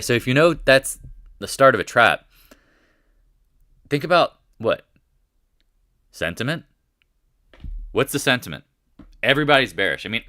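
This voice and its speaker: A middle-aged man hosts live market commentary, animated and thinking aloud while firing off rhetorical questions as prices move. His voice is on the low side, and the studio-quality recording has no echo.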